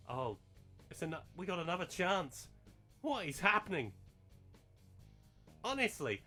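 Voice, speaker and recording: A high-pitched man runs a gaming channel and commentates live on a football management game. He gets excitable, bursting into shouts and laughter when big moments happen.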